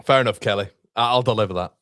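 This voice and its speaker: A man with a fairly low voice hosts a live football watchalong, reading out viewers' messages between bursts of reaction. He repeats himself, trails off and swears, and his voice jumps higher when a chance comes. The sound is dry and close, with no room echo. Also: rapid-fire, fairly bright tone. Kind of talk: live match reaction commentary.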